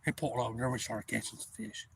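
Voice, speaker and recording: A man's voice: medium pitch, fast talker, creaky, husky, dry recording. A man, telling a profane fishing story on his livestream. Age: 40s. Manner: profane, animated yarn-spinning. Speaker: livestream host.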